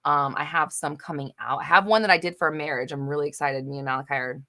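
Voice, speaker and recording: A woman's voice: low voice, steady tone, fast talker, sharp tone. A young adult woman hosting a live Q&A, reading viewer comments and answering in a blunt, emphatic way with casual swearing and lots of fillers. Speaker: host of a live manifestation Q&A.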